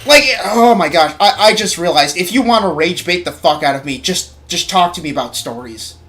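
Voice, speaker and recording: A man's voice: sits high, moderate pace, fairly bright tone, soft background music. A young man streaming a game, ranting with heavy swearing about the story, then apologizing for getting heated. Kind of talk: casual livestream chat while gaming.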